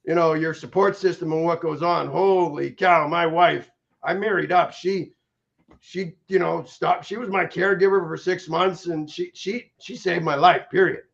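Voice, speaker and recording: Middle-aged guy, gravelly fry in a pretty high voice, energetic and keeps restarting his words, kinda muffled audio. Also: normal speed. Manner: energetic, repeats words when starting sentences. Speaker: guest, stroke survivor. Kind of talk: candid interview talk. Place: in Los Angeles area.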